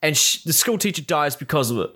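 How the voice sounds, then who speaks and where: A man's voice: on the high side, expressive, fast, pushed and bright. Casual male recapper, profane and exasperated, mimics characters mid-story. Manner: profane, exasperated, acts out quoted lines. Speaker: reviewer recapping a show.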